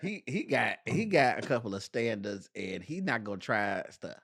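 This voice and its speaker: Podcast host guy, teasing, super animated voice swinging all over, dry close sound. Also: mid-range voice, normal speed, no echo. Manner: playful teasing, laughs often. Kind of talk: casual podcast chat.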